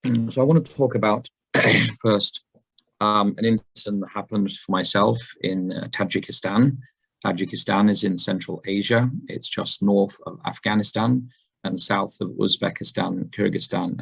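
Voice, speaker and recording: A man giving a sermon talk to a congregation, hoarse after laryngitis, unhurried and full of ums and uhs. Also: lowish voice. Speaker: guest speaker. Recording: dull lo-fi recording.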